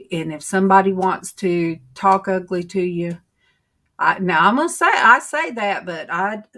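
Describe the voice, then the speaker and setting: Middle-aged woman hosting a livestream, unhurried, homey, rambling chat. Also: on the low side, sharp tone. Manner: rambling, homey, drawn-out storytelling. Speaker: livestream host. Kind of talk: casual chat to viewers.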